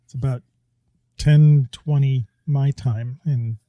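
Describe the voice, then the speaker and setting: A man's voice: mid-range voice, steady tone, takes it slowly, mellow, no room sound, lo-fi sound. A middle-aged man co-hosting a podcast in casual chat, rambling and chatty and often laughing as he talks. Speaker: podcast co-host. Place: home, New York.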